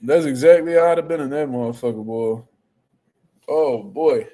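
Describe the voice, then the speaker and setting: A young man hosting casual boxing reaction commentary, profane and animated. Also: mid-range voice, moderate pace. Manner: profane, animated trash talk.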